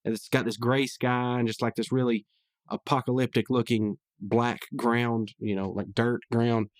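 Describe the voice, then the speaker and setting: A man's voice: medium pitch, level tone, normal speed, no room sound. A male podcast host rambling casually through a recap of a cartoon episode, with lots of restarts. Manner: rambling, with many restarts and fillers.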